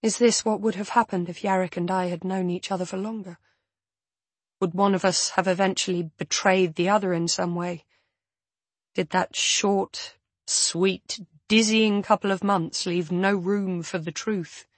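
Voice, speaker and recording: A woman narrating a first-person audiobook in a measured, even storytelling manner. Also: mid-range voice, dry recording.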